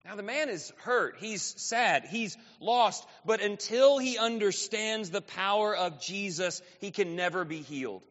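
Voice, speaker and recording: A male pastor preaches a sermon in a high, ringing voice. He jumps from loud to quiet without warning. The sound is dull and muffled, with a long tail of reverb in a church hall. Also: animated, unhurried, hardly any pauses. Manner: preaching with sudden swings between loud and soft.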